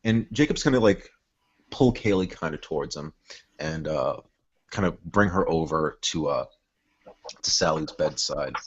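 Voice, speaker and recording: A man in a tabletop game rambles through a scene and fills it with pauses and fillers. His voice is husky and moves up and down in pitch. The recording is muffled and lo-fi. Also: animated.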